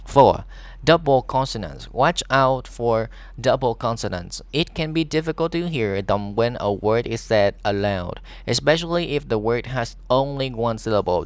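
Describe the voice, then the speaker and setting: A man with a Vietnamese accent, a teacher reading an English lesson aloud, pausing often on fillers and restarts. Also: mid-range voice, dry recording.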